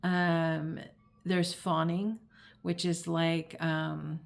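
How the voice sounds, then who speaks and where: A woman who hosts an astrology and tarot channel explains things to camera in a casual, chatty way, packed with fillers and acted-out quoted voices. Her voice sits low and creaky, with little pitch movement and drawn-out words.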